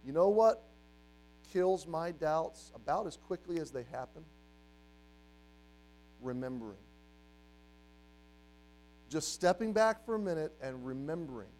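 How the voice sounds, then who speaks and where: Animated man preaching, high voice. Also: measured pace, pauses often, poor audio. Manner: animated, acts out quoted voices, swings between loud and hushed. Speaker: youth pastor. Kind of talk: sermon.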